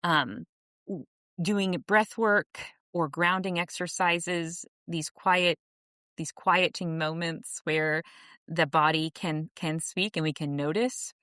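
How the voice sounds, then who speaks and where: A woman's voice: fairly low pitch, steady tone, takes it slowly, bright, forceful tone, no echo, clean studio sound. A woman guest on a podcast, talking in a casual, earnest, reflective way with frequent restarts and easy laughter. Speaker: podcast guest, author and coach. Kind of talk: casual interview conversation.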